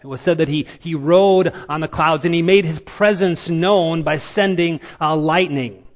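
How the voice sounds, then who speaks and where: High-voiced male preacher in a reverberant hall. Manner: dramatic storytelling with emphatic pauses. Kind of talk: sermon.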